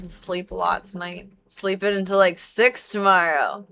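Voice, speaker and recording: A woman's voice: fairly low pitch, steady tone, measured pace, vocal fry, bright, forceful tone. A young woman livestreaming a video game, rambling casually and adding playful silly noises between her asides. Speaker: streamer. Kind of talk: casual gaming livestream chat.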